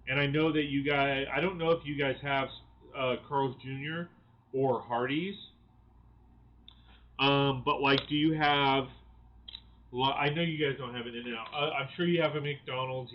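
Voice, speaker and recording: A chatty American man hosts a casual live stream, rambling through his thoughts with constant restarts and fillers. His voice sits at an ordinary middle pitch. The audio is a little dull and lo-fi. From United States. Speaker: channel host.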